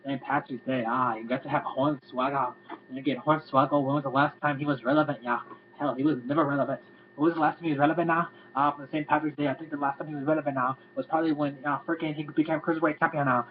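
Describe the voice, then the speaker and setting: A man's voice: on the high side, fairly even intonation, fast. A man rants through a casual video review, rambling and exasperated and cursing freely. The sound is thin and tinny, like a phone line. A faint hum runs underneath. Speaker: wrestling reviewer.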